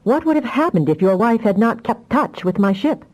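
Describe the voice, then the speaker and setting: A woman's voice: a little high, expressive, normal speed, darkish tone, voice pushed up, low-quality recording. A woman voicing a worried ship captain. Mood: uneasy. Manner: polite, uneasy. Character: worried, courteous male freighter captain. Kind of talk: audiobook character voice.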